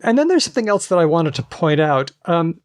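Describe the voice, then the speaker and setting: A man's voice: on the high side, very animated, brisk, dry recording, studio quality. A man co-hosting a podcast, explaining things in an easygoing, casual chat. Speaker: podcast co-host.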